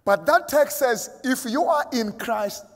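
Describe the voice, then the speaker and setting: A man's voice: very high-pitched, animated, measured pace, fairly bright tone, long reverb tail. A man preaching a sermon as a pastor, emphatic and acting out imagined voices of his listeners. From South Africa.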